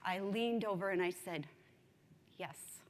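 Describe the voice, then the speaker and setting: A woman giving a conference speech, telling a story in an animated, self-mocking way. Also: medium pitch, a little slow. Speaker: conference speaker. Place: large conference hall. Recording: long hall reverb.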